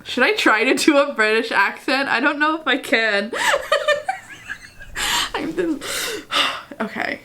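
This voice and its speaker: A woman's voice: high voice, moderate pace, bright, forceful tone, a little hiss or hum. A woman vlogger reading fan fiction aloud in a casual way, breaking off into chatty, giggly asides. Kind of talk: casual reading vlog with commentary.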